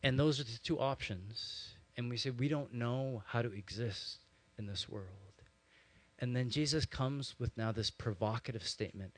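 A man preaching a sermon, telling stories in a lively, conversational way with frequent asides to his listeners. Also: mid-range voice, normal speed. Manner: animated storytelling with conversational asides. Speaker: pastor.

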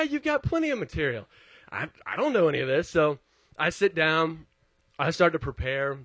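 A man's voice: fairly high pitch, fairly bright tone, no room sound. Man, pastor, conversational sermon, self-deprecating storyteller, dry close sound.

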